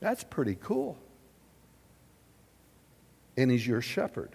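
A man preaching a sermon in an auditorium, drawing answers from the audience and swinging from loud declarations to hushed questions. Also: medium pitch, slow, gravelly, husky, long reverb tail. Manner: animated, questioning the audience, big swings in loudness. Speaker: pastor.

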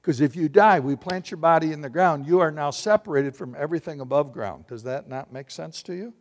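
A man preaching a sermon as pastor, animated and joking with his congregation. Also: on the high side, fairly quick. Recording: long hall reverb.

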